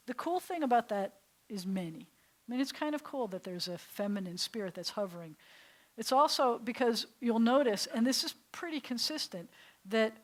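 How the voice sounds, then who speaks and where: A woman's voice: medium pitch, low-quality recording. A woman rabbi teaching an adult Hebrew class, lingering on each word and sometimes dropping to a whisper. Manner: warm, playful, savors words, drops to a soft whisper for effect.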